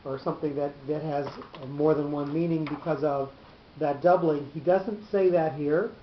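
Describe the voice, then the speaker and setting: A man teaching a class, explaining patiently and slowly with frequent pauses. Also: fairly high pitch, steady tone. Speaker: teacher of Torah cantillation. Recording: roomy, dull, slightly noisy recording.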